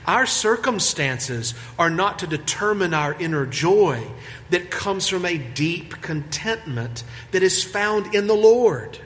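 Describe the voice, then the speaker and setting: Male pastor, fairly high voice, slow and deliberate preaching, long church reverb. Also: animated, a bit bright, a little hiss or hum. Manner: measured preaching, stretching key words, rising for emphasis. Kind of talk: sermon. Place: church sanctuary.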